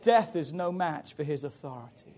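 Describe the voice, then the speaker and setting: Pastor, male, high-pitched voice, emphatic sermon delivery. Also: expressive, moderate pace, slight background noise. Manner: emphatic, building to loud preaching.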